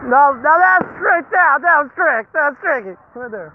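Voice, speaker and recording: A young man with a very high, light voice chats excitedly while filming fireworks outdoors. He laughs a lot and cheers at the bangs. The sound is thin and phone-like, with loud crackling fireworks behind him. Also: unhurried. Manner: excitable, laughs often, whoops at bursts. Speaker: YouTuber filming a fireworks show. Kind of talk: casual handheld commentary. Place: outdoors at a street fireworks show. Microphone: handheld phone camera. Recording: tinny phone audio with loud firework noise.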